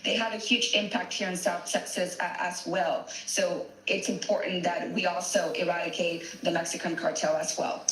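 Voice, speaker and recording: A woman's voice: on the low side, flat delivery, normal speed, hardly any pauses, a bit bright, echoey room, slight background noise, rough recording. A woman speaking as a political guest in a TV news interview, emphatic and repeating key words.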